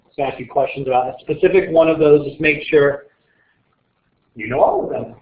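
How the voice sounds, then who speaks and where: A man's voice: on the high side, brisk, slight background noise. A male teacher running a casual exam review, joking and quizzing his students as he rambles. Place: classroom. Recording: echoey classroom on tinny lo-fi audio.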